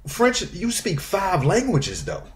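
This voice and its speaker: A man's voice: sits high, wildly swooping pitch, slow, a little hiss or hum. Rambling male internet radio host. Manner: rambling, many restarts and fillers. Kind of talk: casual interview.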